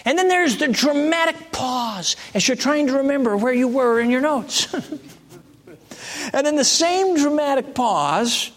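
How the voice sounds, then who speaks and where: A man preaching a sermon in a conversational way, jumping to emphatic high peaks and then dropping to soft, hushed lines. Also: lively intonation, a little slow. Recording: long reverb of a large hall.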